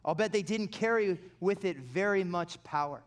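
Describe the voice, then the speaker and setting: A pastor preaching a sermon, telling stories animatedly and dropping into quiet, intense passages. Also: male voice, sits high, normal speed.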